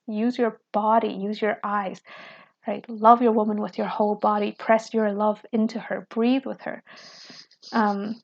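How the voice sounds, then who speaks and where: A woman reading from a book and reflecting on it in an earnest, unhurried way, often asking "right?" and adding "you know". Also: on the high side, vocal fry, a little mellow, lo-fi sound. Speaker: book commentator.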